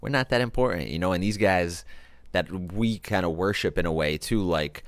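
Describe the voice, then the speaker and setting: A man's voice: sits low, moderate pace, no echo. A man hosting a casual music podcast, laid-back and slangy, musing about the scene. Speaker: podcast host and music producer. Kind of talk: casual chat.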